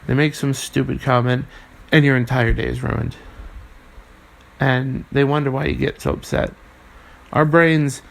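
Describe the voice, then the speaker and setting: A young man hosting his own podcast, talking earnestly and haltingly with many restarts and fillers, swearing now and then. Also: mid-range voice, creaky. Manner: swears casually. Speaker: podcast host. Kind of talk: casual solo podcast monologue.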